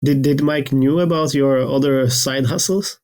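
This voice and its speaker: A man's voice: mid-range voice, steady tone, a little slow, darkish tone. Hesitant male podcast interviewer. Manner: hesitant, many fillers. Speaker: podcast host.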